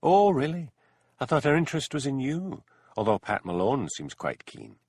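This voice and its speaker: Dry, teasing young woman, voiced by a man, raised pitch, lively. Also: moderate pace, slightly rough, no room sound, full character voice.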